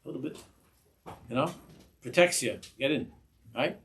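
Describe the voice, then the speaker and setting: Speaking at a moderate pace with a medium-pitched voice, a middle-aged rabbi leads a lively Torah class, acting out short exchanges and dropping in Hebrew and Yiddish terms. A slight background noise is audible.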